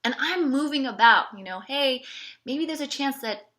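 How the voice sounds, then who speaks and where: A woman recounts her own story in a relaxed, confessional style, wry and sarcastic about what happened to her. Her voice sits a bit high and sounds bright and sharp. She keeps dropping in casual fillers and ironic reassurances. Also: normal speed. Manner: candid, wry and sarcastic, repeating 'it's okay' ironically; conversational with frequent 'like' and 'you know'. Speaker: podcast host telling her own story.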